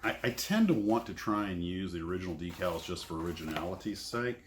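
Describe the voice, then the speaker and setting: A man's voice: deep voice, lively intonation, a little fast. A man unboxing scale model kits in casual commentary, rambling and self-deprecating. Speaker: scale model kit reviewer. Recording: echoey room, faint noise.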